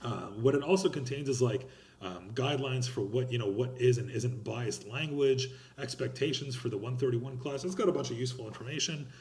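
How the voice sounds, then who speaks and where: A man's voice: medium pitch, fairly quick, darkish tone, reverberant. A young man teaching a college class, explaining course policies in a casual, rambling and blunt way, with slang and restarts. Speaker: college instructor. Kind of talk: recorded online class lecture.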